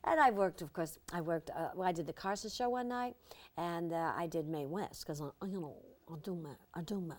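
An older actress as an interview guest, telling lively anecdotes and slipping into impressions. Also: female voice, on the low side, brisk. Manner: lively storyteller, slips into impressions.

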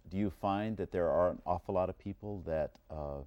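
A man's voice: low voice, normal speed, dry recording, lo-fi sound. A man interviewing a guest, asking long, hesitant questions full of fillers.

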